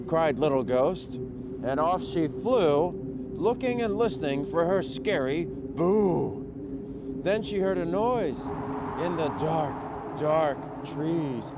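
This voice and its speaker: A man's voice: fairly high pitch, lively intonation, slow, very noisy. A man reading a children's book aloud, playful, with chatty asides and sound effects. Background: loud music.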